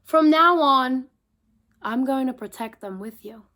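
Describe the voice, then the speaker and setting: A proud, protective mother kangaroo from a picture book who speaks with a firm, declaring tone. Her voice is fairly high and unhurried, as a woman reads her aloud. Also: bright, forceful tone. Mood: resolved.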